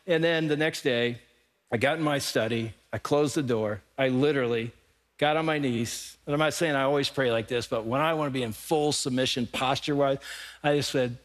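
A middle-aged male pastor preaching a sermon, telling lively stories and speaking straight to his congregation in a large church auditorium. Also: medium pitch, moderate pace. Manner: animated storytelling, addressing the congregation directly. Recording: long reverb of a large hall.

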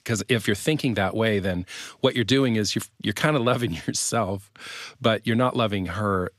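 A middle-aged man sharing a marriage story as an interview guest, animated and playing out the quotes. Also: lowish voice, moderate pace, dry recording, studio quality.

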